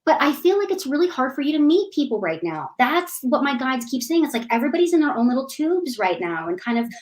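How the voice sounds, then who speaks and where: A woman giving a live psychic reading, animated and affectionate, calling listeners sweetie and honey. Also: high voice, quick pace, poor audio. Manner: animated, bubbly, laughs often. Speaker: psychic reader.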